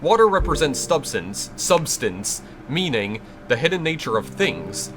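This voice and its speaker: A man's voice: mid-range voice, very animated, measured pace, fairly bright tone. A man reading the lines of an intense mystical male familiar spirit who teaches magic, in a plain instructive tone, with game music behind. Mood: solemn.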